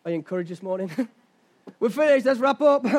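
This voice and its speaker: Delivering a sermon as a young pastor, this man has a very high voice with a darkish tone and lively intonation, moving at a moderate pace. He shares stories conversationally and keeps putting rhetorical questions to his audience.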